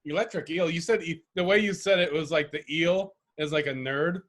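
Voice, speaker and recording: A man's voice: fairly high pitch, moderate pace, a bit bright. Rambling, profane man co-hosting a podcast. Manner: rambling, loose and profane, laughs often. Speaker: podcast co-host. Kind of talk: casual chat.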